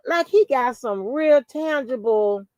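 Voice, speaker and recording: A woman's voice: high voice, animated, takes it slowly, a little mellow, no room sound. Blunt, profane woman chatting on a live stream. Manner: greets viewers by name, blunt and profane. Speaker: channel host. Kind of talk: casual live-stream chat.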